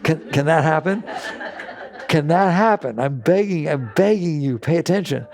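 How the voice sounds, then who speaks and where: Creaky-voiced man giving a spiritual talk. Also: a little high, lively intonation, normal speed, a little mellow. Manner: emphatic, repetitive, rhetorical questions. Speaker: spiritual teacher.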